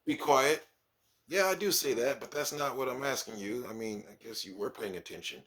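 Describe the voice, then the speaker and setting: A man's voice: medium pitch, normal speed. A man, a kindergarten teacher, telling stories from his class in a casual vlog and acting out his pupils. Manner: animated, acts out his pupils.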